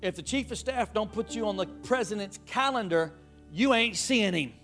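Man, preacher, high voice, sermon, playful asides, faint music behind. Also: expressive, normal speed, a bit bright. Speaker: pastor.

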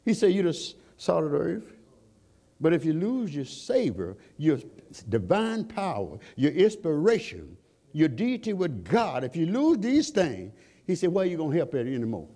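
A man's voice: fairly high pitch, huge pitch swings, a little slow, warm tone. A man preaching a sermon in call-and-response style, asking the congregation questions and climbing to fervent peaks.

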